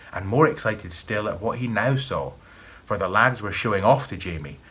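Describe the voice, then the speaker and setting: A man with a Scottish accent from the east of Scotland, reading a folk tale aloud in an expressive storytelling manner. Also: sits low, husky.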